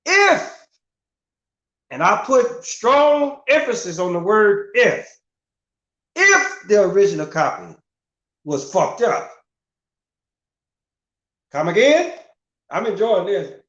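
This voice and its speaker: A man's voice: high-pitched, expressive, takes it slowly, pauses often, fairly bright tone. A middle-aged man in a casual, profane rant as a livestream host, asking rhetorical questions with emphasis. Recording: roomy, dull lo-fi sound.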